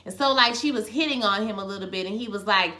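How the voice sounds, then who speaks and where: A woman giving a casual, animated recap of a TV episode, sassy and talking straight to her viewers. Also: medium pitch, quick pace. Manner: animated, sassy, addresses viewers as "y'all" and "child". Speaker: TV recap vlogger.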